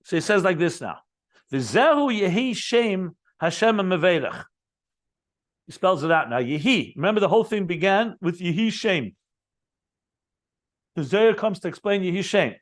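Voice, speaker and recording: A man's voice: high voice, lively intonation, fairly quick. A man teaching a Chassidic text, explaining it line by line, repeating key terms and adding enthusiastic asides. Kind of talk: Talmudic-style text study lesson.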